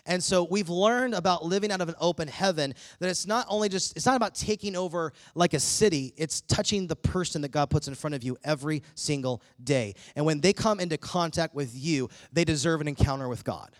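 Male pastor, middle-aged, high voice, dry close sound; animated sermon storyteller. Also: fairly quick, few pauses, no echo. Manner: animated storytelling with acted-out dialogue.

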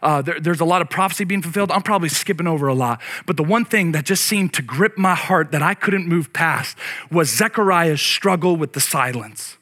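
A man preaching a sermon to a congregation, conversational, often restarting his words and shifting between loud exclaiming and hushed reflection. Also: on the high side, a little fast. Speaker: pastor.

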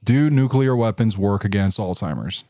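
A man in his thirties, a podcast co-host, making crude deadpan jokes in casual chat. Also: fairly low pitch, normal speed, no echo, clean studio sound.

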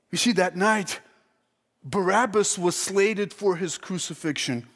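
A man preaching a sermon with passion, pressing rhetorical questions and repeating his points, swinging between hushed and loud emphatic delivery in a church sanctuary. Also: sits high, measured pace. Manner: impassioned, with rhetorical questions and repetition. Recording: long reverb of a large hall.

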